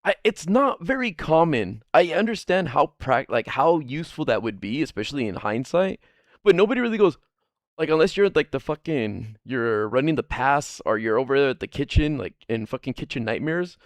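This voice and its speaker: A man's voice: medium pitch, sing-song, fairly quick, no room sound, studio quality. A man streaming a casual chat, rambling and swearing freely, laughing often.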